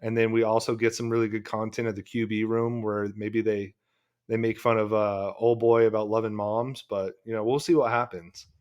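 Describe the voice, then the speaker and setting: A laid-back man with a fairly low voice, co-hosting a sports podcast. He talks in an easygoing, chatty way and laughs along often. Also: little pitch movement, normal speed, a little mellow, smooth, muffled recording. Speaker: podcast co-host. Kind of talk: casual sports chat.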